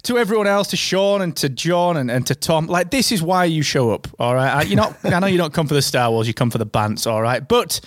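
A male podcast co-host with a fairly high voice and a lively, bantering way of telling stories. He is recorded close to the mic, and the sound is very dry. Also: a little fast, hardly any pauses, dry recording. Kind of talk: casual chat and listener plugs.

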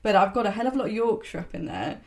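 A woman's voice: mid-range voice, sing-song, very fast. A young woman chatting in a breezy, wry way. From southern England. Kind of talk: casual chat.

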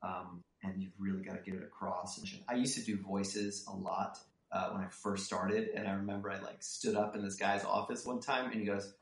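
A man guest on a casual interview, telling stories with lively energy and acting out the people in them. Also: low-pitched, brisk, vocal fry, few pauses, echoey room. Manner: animated storyteller who acts out people in his anecdotes. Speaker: author and screenwriter guest.

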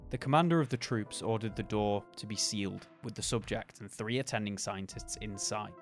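A man hosting a podcast, reading a horror story in a measured, dramatic way and then chatting casually and laughing easily. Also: lowish voice, faint music behind. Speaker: podcast host and story reader.

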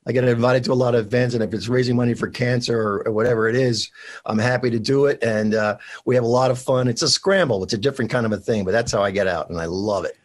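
An older man, an actor guest on a radio show, telling chatty stories and acting out shouted quotes from fans. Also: mid-range voice, fast talker. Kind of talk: casual radio interview.

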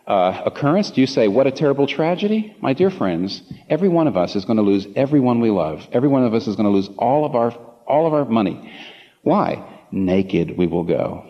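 Guy preaching a sermon, voice leaping all over the place, long hall echo, kinda muffled sound. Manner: impassioned, repeats phrases for emphasis, swings from low asides to high peaks. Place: large room before a congregation.

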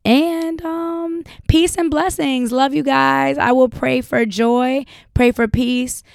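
A woman's voice: high-pitched, fairly even intonation, slow, gravelly, dry recording, clean studio sound. A young woman hosting a solo podcast, talking bluntly with lots of profanity and frequent laughter. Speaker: podcast host.

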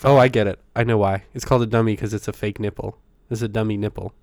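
A man's voice: lowish voice, fairly even intonation, fast talker, a little mellow, dry recording. A man co-hosting a casual chat, teasing and laughing often. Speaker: podcast co-host.

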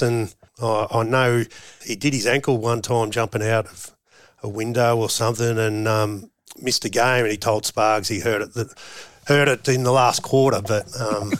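A man in an ordinary mid-range voice looks back on his playing days. He talks in a relaxed, halting way with small chuckles. The sound is close and dry. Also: mid-range voice, clean tone, no echo. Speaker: former footballer. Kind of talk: casual interview reminiscing.

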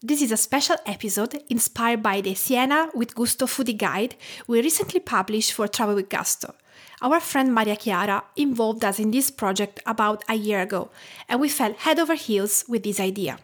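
A woman's voice: a little high, normal speed. A woman in her thirties from Tuscany with an Italian accent, narrating her food podcast in a reflective storytelling way. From Tuscany, Italy. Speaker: podcast host.

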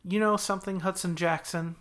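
A man reading aloud and voicing a lively young woman who works the front desk at an animal shelter, teasing and bright. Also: high voice, a little fast, voice pushed up.

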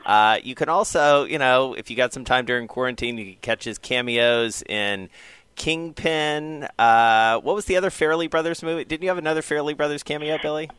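A man's voice: fairly high pitch, brisk, no echo. A middle-aged man co-hosting a radio podcast, steering the chat with light teasing. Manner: smooth, bright, teasing. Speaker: podcast co-host.

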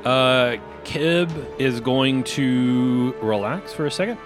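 A man's voice: medium pitch, slow pace, over music. A man running a tabletop game as game master, laid-back and chuckling between rulings.

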